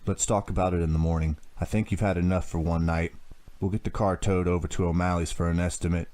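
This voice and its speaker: A man reading a gruff, practical police-officer father who speaks with a drawl. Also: low voice, flat delivery, fast talker, a little mellow, close to an everyday voice. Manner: drawling, dry humor.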